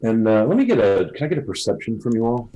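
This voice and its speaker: Relaxed low-voiced male game master. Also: rough recording. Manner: relaxed, halting narration with many fillers. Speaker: dungeon master. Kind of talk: narrating a tabletop game.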